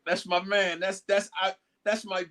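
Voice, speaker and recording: A man's voice: high voice, flat delivery, normal speed, pushed and bright, slight background noise. An older man, the guest and father of the host, talking in a playful, affectionate way. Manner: playful, affectionate, laughs easily. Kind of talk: casual conversation.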